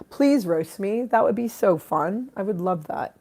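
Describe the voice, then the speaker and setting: A woman's voice: medium pitch, animated, moderate pace, mellow. A woman chatting casually on a live stream, irreverent and self-mocking, swearing freely while she eats and drinks.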